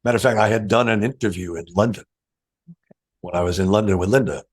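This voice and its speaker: Older guy with a lowish voice, chatty storyteller, lots of laughs and acted-out quotes. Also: quick pace, husky. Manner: animated anecdotes, acts out quoted dialogue, laughs often. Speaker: session guitarist, interview guest. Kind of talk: storytelling interview.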